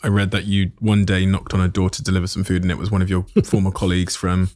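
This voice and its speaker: A man hosting a podcast, asking measured, reflective questions. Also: deep voice, monotone, darkish tone, no room sound. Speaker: podcast host. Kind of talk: interview questioning.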